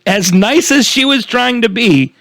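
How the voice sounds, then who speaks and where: A man's voice: extremely high pitch, lively intonation, measured pace, creaky, fairly bright tone, no echo, clean studio sound. A young man co-hosting a casual podcast, telling a story with lots of swearing and laughter. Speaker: podcast co-host. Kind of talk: casual chat.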